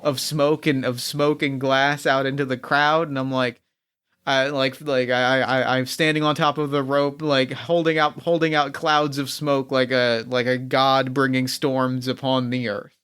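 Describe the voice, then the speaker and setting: A man's voice: medium pitch, little pitch movement, measured pace, fairly bright tone, clean tone. A man playing a tabletop game, eagerly describing his character's actions and stumbling over repeated words. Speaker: player.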